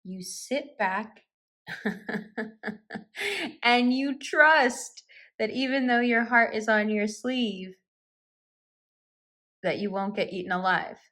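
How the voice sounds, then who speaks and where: A woman giving a tarot card reading in an intimate, reassuring way. She laughs easily and sometimes drops into soft whispers. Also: fairly high pitch, slow pace. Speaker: tarot reader.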